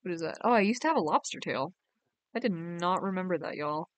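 A woman's voice: lowish voice, animated, a little fast, no echo. A young woman, chatting casually on a game live stream and reading her chat aloud in a bubbly way. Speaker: game livestreamer.

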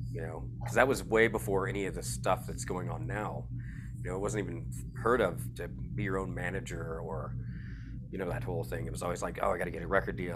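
A man's voice: deep voice, noisy background. A man in his fifties co-hosting a casual interview, reflective and laid-back, comparing how things used to be with how they are now. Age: 50s. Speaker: podcast co-host.

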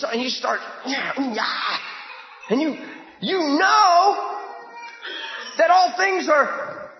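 A man preaches a sermon in a very high, lively voice, swinging from loud shouting to sudden hushed asides. The sound is dull and boomy, with a long echo from the church hall. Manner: emphatic, often shouting, with sudden drops to a hushed voice.

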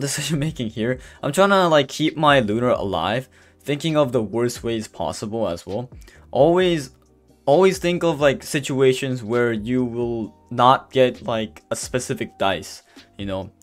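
A man giving a casual gameplay voice-over, rambling with many fillers and restarts and openly stumbling over his words. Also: mid-range voice. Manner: says he is stuttering and can barely speak. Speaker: gameplay commentator. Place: voice-over recorded apart from the footage. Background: faint background music.

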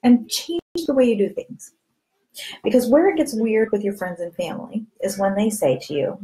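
A woman's voice: a little high, unhurried, poor audio. A woman coaching her direct sales team to camera in a candid, chatty way, acting out conversations with friends. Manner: animated, acts out quoted friends with voice changes; candid, chatty, repeats catchphrases.

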